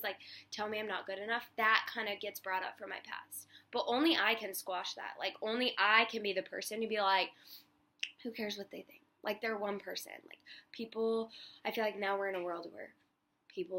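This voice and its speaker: A woman's voice: mid-range voice, sharp tone. Young woman, casual walking vlog outdoors, chatty and filler-heavy, mid-range voice. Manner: chatty, heavy use of "like", acts out quoted people. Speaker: vlogger.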